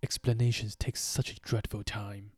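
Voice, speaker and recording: A man voicing a solemn, impatient griffin creature in a storybook reading, with a deep voice. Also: level tone, moderate pace, a little mellow, slightly rough, faint music behind.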